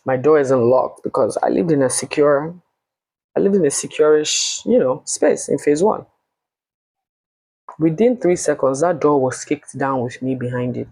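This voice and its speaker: A woman with a Nigerian accent telling a personal story in a casual, blunt and animated way, swearing freely. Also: low voice, normal speed, slightly rough, no echo, poor audio.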